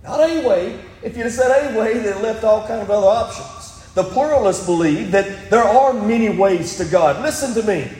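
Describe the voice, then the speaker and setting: A male pastor preaching with a strikingly high voice. His sermon rings through an echoey church hall with a long reverb tail, and he builds to loud emphatic peaks as he quotes scripture. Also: animated, normal speed, hardly any pauses. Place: church sanctuary.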